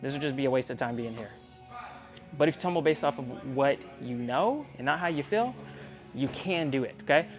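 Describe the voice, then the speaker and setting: Coaching a young athlete one-on-one in the gym, this tumbling coach talks fairly quickly in a medium-pitched voice with lively intonation. He's direct and earnest, often checking that she believes him, while faint music sounds behind.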